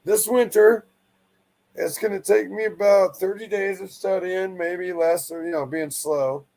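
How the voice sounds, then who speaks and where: A man with a raspy, fry-heavy voice pitched a little high. He chats loosely on a stream, blunt and profane. His talk runs on with plenty of swearing. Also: steady tone, a little slow, dark tone, low-quality recording. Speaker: guest. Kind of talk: casual stream chat.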